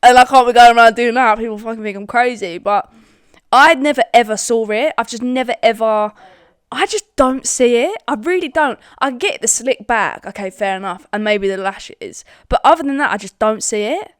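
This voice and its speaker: A woman's voice: on the high side, moderate pace, clean tone, no echo, clean studio sound. A young Scottish woman co-hosting a podcast, chatting casually, swearing freely and laughing often. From Scotland. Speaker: podcast co-host. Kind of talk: casual chat.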